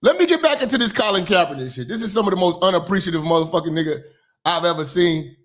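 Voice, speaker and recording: A man hosting a live stream show, talking in loud, teasing, profane commentary to callers. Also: high-pitched, expressive, fast talker. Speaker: host.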